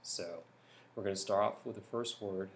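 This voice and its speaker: A young man from California talking softly in a hushed voice at home at night for a vlog, rambling with lots of ums and restarts. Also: on the low side, moderate pace, creaky, a little hiss or hum. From California, United States. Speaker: YouTuber. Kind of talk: soft-spoken vlog talk.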